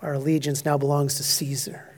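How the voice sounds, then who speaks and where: A male pastor preaching an expository sermon, emphatic, swinging between loud declarations and hushed, near-whispered asides. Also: a little high, level tone, a little fast.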